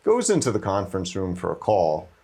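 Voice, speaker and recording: Deep-voiced man with dry ribbing. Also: wildly swooping pitch, fairly quick, dark tone, husky. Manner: dry ribbing, rambling asides. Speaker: co-host. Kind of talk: casual office banter.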